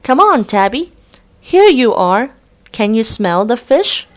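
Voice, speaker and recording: A woman voicing a kind young woman who coaxes her cat down, high and sing-song. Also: sing-song, takes it slowly. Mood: coaxing.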